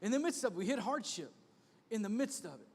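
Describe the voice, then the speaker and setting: A man in his thirties, a pastor preaching an animated sermon with punchy repeated refrains. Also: high voice, fast talker, slightly rough. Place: church sanctuary. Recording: long reverb of a church hall.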